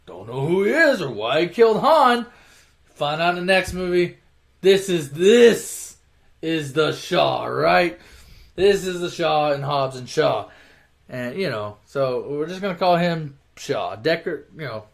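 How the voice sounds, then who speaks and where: A young man casually retelling an action movie plot in a rambling, profane way, mocking the characters as he goes. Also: on the high side. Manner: rambling, swears constantly, mocking voices for characters. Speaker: storyteller retelling movie plots.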